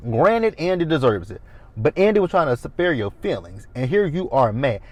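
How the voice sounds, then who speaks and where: A man's voice: a little high, very animated, moderate pace, a little mellow, no echo. A man in his thirties recapping a TV episode in a casual, blunt and opinionated way. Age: 30s. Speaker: TV recap host.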